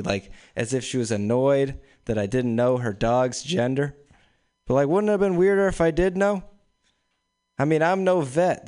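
A young man in his twenties telling casual, deadpan stand-up stories at an open mic. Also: mid-range voice, clear, resonant tone. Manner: casual, deadpan storytelling with frequent laughs. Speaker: stand-up comedian. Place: small room with few people. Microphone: stage microphone.

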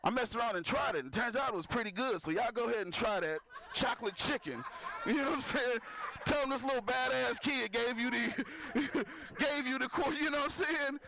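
A man's voice: very high-pitched, a little fast, vocal fry, noisy background. A man doing a stand-up comedy set, working the crowd loosely and laughing at his own jokes.

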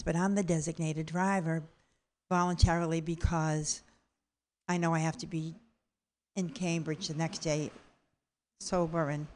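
A woman's voice: fairly low pitch, a little mellow. A woman telling a funny story about herself, blunt and cheerfully profane. She acts out the people in the story as she goes, shifting into their voices for each quote. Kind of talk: comedic personal story told aloud.

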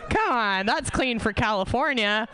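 A woman's voice: fairly high pitch, animated, a little slow, bright, forceful tone, clear, resonant tone. A woman doing a stand-up set, rambling, swearing a lot and mocking herself. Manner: profane, rambling, self-mocking. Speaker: stand-up comic. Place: comedy club stage.

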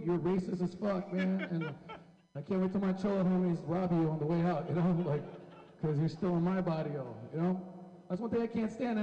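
A man's voice: high voice, dull audio. A man doing a stand-up comedy set on a club stage, brash and profane as he teases the crowd. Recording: echoey hall.

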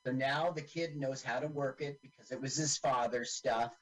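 A man's voice: mid-range voice, fairly even intonation, moderate pace, poor audio. A man co-hosting a podcast who narrates the on-screen action of a movie with sarcastic asides. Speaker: podcast co-host. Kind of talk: casual movie commentary.

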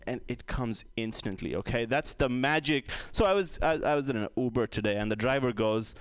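Lively, self-mocking stand-up man. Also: mid-range voice, fairly quick, hardly any pauses, no room sound. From India. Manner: rambling, self-mocking, full of "like". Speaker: stand-up comedian. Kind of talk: stand-up comedy set.

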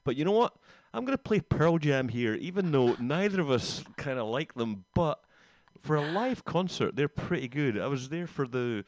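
A man hosting a radio show, chatting in a relaxed, wry way between songs. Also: a little high, moderate pace, dry recording. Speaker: radio host, DJ. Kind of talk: casual radio chat. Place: radio studio.

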